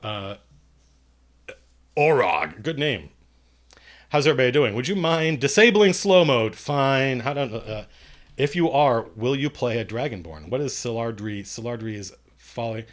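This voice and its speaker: A man's voice: medium pitch, animated, measured pace. A man hosting a live-stream Q&A, reading viewers' questions aloud and answering them in a loose, self-deprecating, jokey way. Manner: rambling, reads chat questions aloud and answers offhand. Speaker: streamer and game master answering chat questions.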